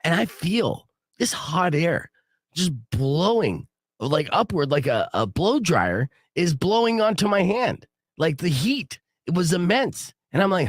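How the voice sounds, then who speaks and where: Animated radio host with a dry studio sound. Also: male voice, on the high side, a little slow, dry recording. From Arizona. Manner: animated storyteller, acts out quotes loudly. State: sick with a cold. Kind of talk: casual morning radio chat.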